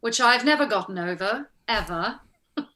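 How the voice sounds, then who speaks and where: A woman's voice: a little high, lively intonation, normal speed, pushed and bright, slight background noise. A woman being interviewed as a guest actress. She tells her stories casually, acting out the lines people said and laughing often. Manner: chatty, acts out quoted exchanges, laughs often.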